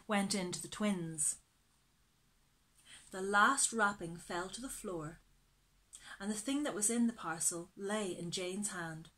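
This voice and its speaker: A woman reading a children's story aloud, slow and gentle. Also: mid-range voice.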